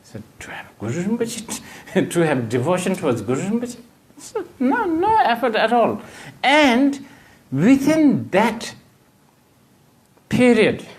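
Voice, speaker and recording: A man with a Bhutanese accent giving a Buddhist dharma teaching, with halting, hesitant phrasing and many fillers. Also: on the high side.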